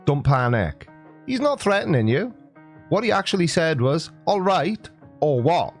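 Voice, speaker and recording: A Welsh man in his forties with a sarcastic, jokey delivery, giving a comic monologue. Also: a little high. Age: 40s. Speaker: YouTuber.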